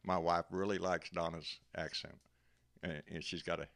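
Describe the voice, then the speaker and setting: A man's voice: low-pitched, little pitch movement, normal speed, creaky, a bit bright. A man with a Texan accent hosting a live stream, chatting in a folksy way and greeting viewers as buddy. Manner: folksy and chatty, calls people buddy and baby. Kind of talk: casual chat.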